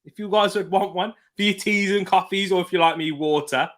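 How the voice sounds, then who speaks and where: A high, slightly bright male voice with a British accent, moving fairly quickly. He hosts a live football watch-along, laughing often, chatting in a relaxed way and reading out what viewers comment, positioned back from his desk mic.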